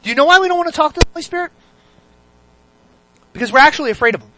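A preacher gives an animated sermon, firing questions at the congregation and swinging from loud bursts to hushed asides. The voice is high-pitched and racing, with no room sound.

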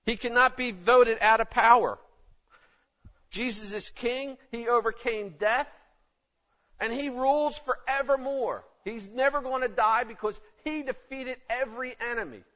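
A man's voice: very high voice, unhurried, bright, forceful tone. A man preaching a sermon in an emphatic, conversational way. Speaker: pastor. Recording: dull lo-fi recording.

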